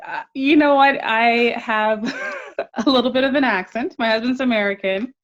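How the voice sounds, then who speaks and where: A woman's voice: a little high, moderate pace, lo-fi sound. Earnest Canadian woman author guest. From Alberta, Canada. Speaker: author, entrepreneur. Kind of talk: interview guest.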